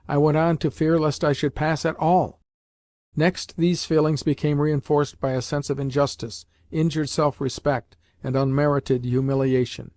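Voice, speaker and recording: A man reading a novel aloud in measured, even scripted narration. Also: a little high, no room sound, studio quality. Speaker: audiobook narrator.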